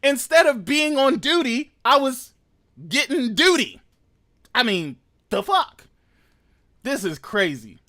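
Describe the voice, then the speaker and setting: A man hosting a reaction commentary show, ranting loudly and mockingly with heavy profanity. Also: extremely high pitch, very animated, slow pace, long pauses. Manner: loud, profane, mocking rants. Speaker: commentary host.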